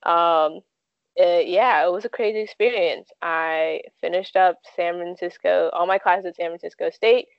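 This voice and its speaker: A woman's voice: fairly low pitch, fairly even intonation, moderate pace, gravelly, no room sound, lo-fi sound. A woman in her twenties telling stories casually in an interview, with lots of "like" and "um" fillers. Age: 20s. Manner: chatty, frequent "like" and "um" fillers. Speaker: guest.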